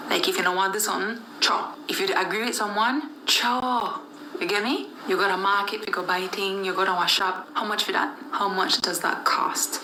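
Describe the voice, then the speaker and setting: A woman from Belize explains everyday sayings in a chatty way, acting out sample phrases. Her voice is bright and mid-pitched. The room gives it a noticeable echo. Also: fairly even intonation, normal speed, a little hiss or hum. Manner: chatty, acts out example phrases. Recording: echoey room.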